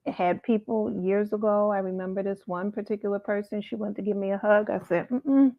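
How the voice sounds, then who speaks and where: A middle-aged woman hosting a livestream talk, telling stories and reading out a mantra slowly. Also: mid-range voice, little pitch movement. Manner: storytelling, slow deliberate mantra reading. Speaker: host. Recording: tinny phone-like line.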